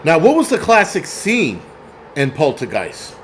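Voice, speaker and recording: A man in his forties chats loosely on a livestream, swearing freely and jumping between thoughts. His voice sits a little high for a man. A faint hum of room ambience runs underneath. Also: huge pitch swings, a little slow. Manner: profane, rambling, reads chat aloud. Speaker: film review livestream host. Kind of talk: casual livestream chat.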